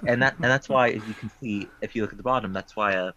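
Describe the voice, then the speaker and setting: A man presenting puzzles on a talk show over a remote call, rambling with playful deadpan jokes. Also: fairly low pitch, quick pace, lo-fi sound, slight background noise.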